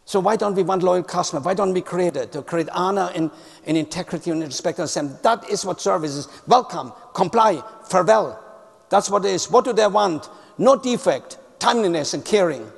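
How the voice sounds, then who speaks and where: A man's voice: high voice, animated, brisk, creaky, breathy edge. A man giving a motivational talk on customer service. He tells stories, repeats key words for emphasis and uses non-native phrasing. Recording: long hall reverb.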